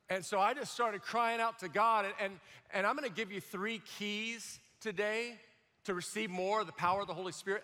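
A middle-aged man preaching a sermon, telling his story with animated acted-out quotes and stammering restarts. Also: sits high. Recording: long hall reverb.

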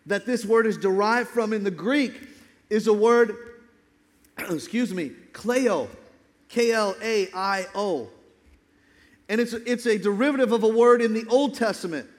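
A man preaching a sermon as pastor, emphatic, sometimes dropping to a hushed low voice for dramatic lines. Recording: long hall reverb.

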